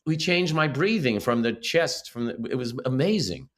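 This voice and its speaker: A man's voice: mid-range voice, lively intonation, moderate pace, a bit bright. An older man from Illinois, a guest actor, telling stories in a casual interview with many restarts and self-corrections.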